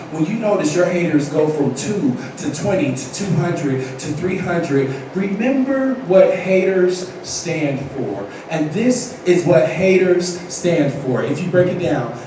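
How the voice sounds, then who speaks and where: An energetic man with a fairly high voice gives a motivational speech, leading the crowd in call-and-response. He sounds far from the microphone in a very echoey hall, with noise behind him. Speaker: motivational speaker.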